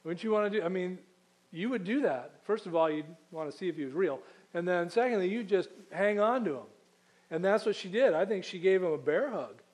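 A man preaching a sermon conversationally, asking rhetorical questions and slowing down to read scripture aloud. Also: sits high, expressive, a little mellow.

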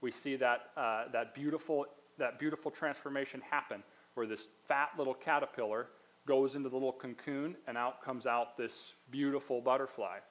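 A man preaching a sermon in an easygoing, conversational manner. He breaks his points down step by step and adds casual asides. His voice sits at an ordinary middle pitch for a man. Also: steady tone, moderate pace, a bit bright, low-quality recording. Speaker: pastor.

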